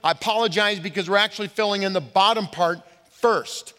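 A pastor giving a sermon to his congregation, leaning hard on key words and slowing down to stress them. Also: high voice, bright, forceful tone. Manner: emphatic preaching with slow stressed words. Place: church sanctuary. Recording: reverberant hall.

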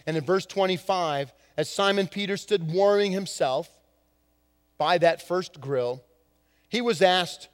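A man preaching a sermon as a pastor, swinging from hushed lines to emphatic ones. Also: high voice, lively intonation, a little slow, long reverb tail. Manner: dramatic shifts from hushed to emphatic.

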